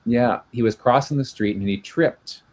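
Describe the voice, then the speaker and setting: A genealogy show co-host, a man of medium pitch with a darkish tone, speaks at a normal speed. He explains things at length in a casual video-call chat, full of fillers and restarts.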